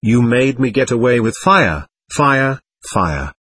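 A man's voice: medium pitch, sing-song, slow, a bit bright, slightly rough, no echo, heavily acted. A man reading as a willful little ghost girl. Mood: defiant, sulking. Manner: petulant, defiant. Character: angry spirit of a young girl, willful and stamping. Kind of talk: audiobook reading of a seance record.

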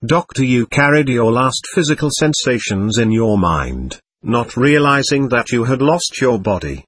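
A calm male doctor explaining things patiently to a lost spirit, read aloud by a man. His voice is husky, with a lively, varied pitch, and sounds dry and close. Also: measured pace, dry recording. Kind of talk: reading a séance transcript aloud.

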